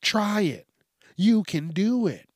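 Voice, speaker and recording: Profane male podcast host, slightly higher voice, unhurried, rambling. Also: big pitch swings, dry recording, clean studio sound. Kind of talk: casual ranting monologue.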